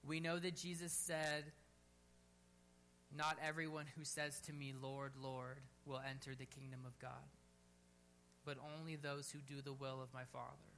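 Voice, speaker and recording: A man preaching a sermon at a church service, fervent and urging, dropping to a quiet, gentle tone to lead prayer. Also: medium pitch, monotone, a little slow, a little hiss or hum. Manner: fervent, rising to near-shouts on bold exhortations, then quiet and gentle in prayer. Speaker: pastor.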